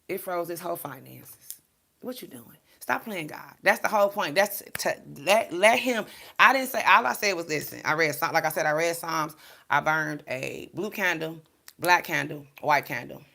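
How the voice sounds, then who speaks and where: A low-pitched woman with a gravelly edge tells a story in a casual vlog. Her tone is bright and forceful, candid and emphatic. She drifts into preachy asides as she talks. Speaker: spiritual card reader and vlogger.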